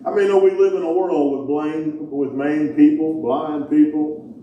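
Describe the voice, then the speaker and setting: A man's voice: fairly high pitch, fairly even intonation, a little slow, dull audio, a little hiss or hum. A man preaching a sermon as pastor, folksy and joking, with casual grammar. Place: large church sanctuary. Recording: echoey hall, distant mic.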